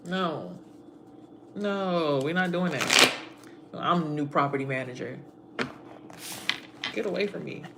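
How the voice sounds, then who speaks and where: A woman giving a blunt, casual spiritual monologue, speaking in a streetwise, profane way and swinging from muttered asides to loud outbursts. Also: deep voice, animated, slow, vocal fry, long pauses, heavy background noise. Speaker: spiritual content creator.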